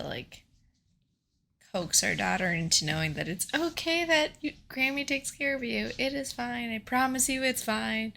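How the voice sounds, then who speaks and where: A young adult woman tells a story in casual podcast chat, emotional and animated. Her voice is gravelly with a bright, forceful edge. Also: lowish voice. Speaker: podcast co-host.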